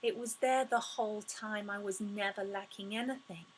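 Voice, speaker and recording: A woman speaks as a spiritual life coach in an inspirational talk to camera. Her voice sits in a mid range, and she comes across as expressive and effusive, with frequent sighs and gasps. A faint hum of ambient noise runs behind her. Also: mid-range voice, normal speed, poor audio.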